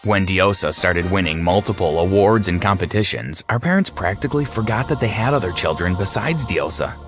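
Wry low-voiced male narrator. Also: animated, a little fast. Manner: wry, sardonic. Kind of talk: scripted story narration. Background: faint music.

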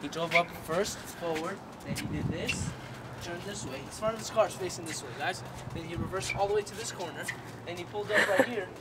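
A man's voice: sits high, fairly quick, heavy background noise. A young man chatting with a friend, teasing him and talking to the viewers. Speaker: friend of the vlogger. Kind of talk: casual banter.

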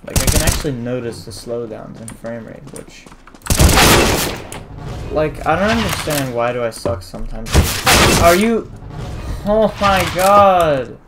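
A woman gamer giving casual commentary while playing, muttering in frustration with quick outbursts. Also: sits low, animated, heavy background noise. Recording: loud game gunfire over voice. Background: gunfire and shots from the game.

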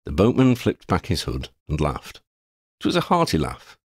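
A man narrating a fantasy audiobook in a measured, expressive way. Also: rumbling low, slightly rough, dry recording, clean studio sound.

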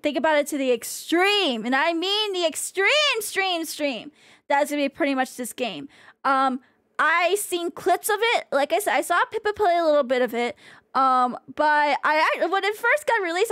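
A woman's voice: high-pitched, a bit bright, dry recording, clean studio sound. A young woman streamer chatting casually with her viewers in a bubbly, rambling way and swearing now and then. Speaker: VTuber streamer. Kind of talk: casual livestream chat with viewers.

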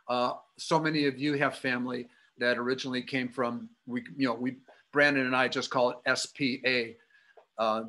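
A man's voice: medium pitch, sharp tone. A man with a Chicago accent giving a storytelling library talk as a guest speaker, full of anecdotes. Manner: anecdotal, acts out quoted voices.

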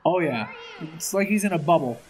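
Let's play co-host, fairly high, lively voice, joking around, faint game music. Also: male voice, brisk, a little hiss or hum. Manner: joking, chatty, laughs often. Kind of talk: casual gameplay commentary.

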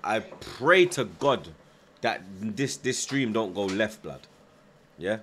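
A man's voice: fairly low pitch, animated, slow pace, a bit bright, a little hiss or hum. A young man, chatting casually on a live football stream, reading out viewer comments, nervous but hyped. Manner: slangy, repeats himself, reads out chat, nervous yet hyped.

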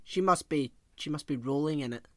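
A man co-hosting a podcast in casual film chat, relaxed and hesitant, often trailing off quietly. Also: a little high, fairly quick, slight background noise. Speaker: podcast co-host.

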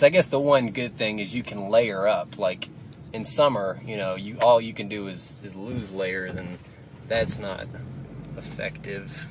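A man's voice: on the low side, unhurried. A young man vlogging from his car while driving, rambling casually and swearing offhandedly. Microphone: phone camera held while driving. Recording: car noise behind the voice. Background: engine and road noise.

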